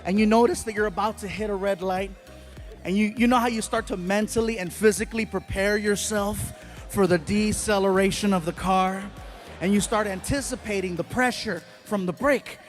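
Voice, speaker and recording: A male stand-up comedian telling a travel story, animated, with loud bursts and exaggerated yelps. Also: high-pitched.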